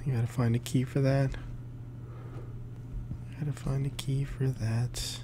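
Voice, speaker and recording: A man commenting on his horror game play, yelling and screaming at scares and dropping to whispers in tense moments. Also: mid-range voice, level tone, unhurried, background noise. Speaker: gameplay commentator.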